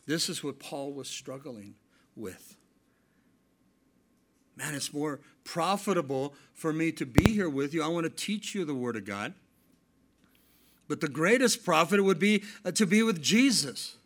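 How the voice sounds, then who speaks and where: A middle-aged male pastor preaching a sermon, telling stories and swinging between loud emphatic lines and hushed ones. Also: a little high, lively intonation, unhurried, pauses often.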